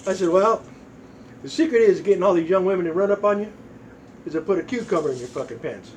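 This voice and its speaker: A man's voice: high-pitched, fast talker, darkish tone, distant mic, a little hiss or hum, low-quality recording. A man in his sixties telling crude, profane jokes in a folksy storytelling way, acting out voices.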